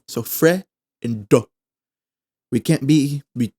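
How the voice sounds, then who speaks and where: A young man, hosting a podcast and chatting casually through a language lesson, repeating phrases slowly as he explains. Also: mid-range voice. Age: 20s. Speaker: podcast host.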